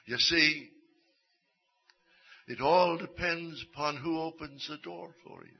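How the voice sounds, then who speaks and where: Male preacher, mildly high pitch, storytelling sermon cadence, dull lo-fi recording. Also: creaky, breathy edge. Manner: storytelling, drawn-out emphatic phrases, drops to a hush.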